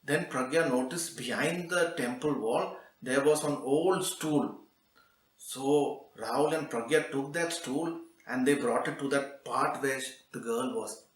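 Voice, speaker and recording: A man's voice: mid-range voice, unhurried, far from the mic. Male children's storyteller, easygoing and chatty; echoey room, sits back from the mic. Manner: relaxed, conversational telling with fillers.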